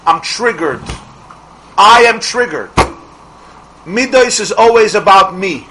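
A middle-aged man teaching a Torah class as a rabbi, asking rhetorical questions and restarting his phrases quickly. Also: high-pitched, lively intonation, noisy background.

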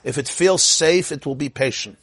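Husky-voiced man teaching a lively class. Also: a little high, moderate pace, dry recording, clean studio sound. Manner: chatty, digressive, laughs often, quizzes listeners. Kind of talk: informal Torah class lecture.

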